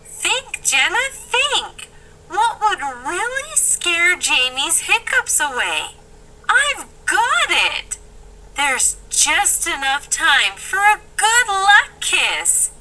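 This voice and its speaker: A woman voicing an eager, bossy young girl who is the star of a show, with squealing excited exclamations. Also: very high-pitched, extremely slow, a little hiss or hum, heavily acted, rough recording. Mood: scheming.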